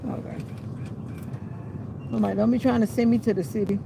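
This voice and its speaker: Woman host, chatty in-car livestream, humming song lines, some vocal fry, noisy car background. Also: fairly high pitch, fairly even intonation, fairly quick. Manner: chatty, sings bits of songs to herself. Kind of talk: casual chat while driving.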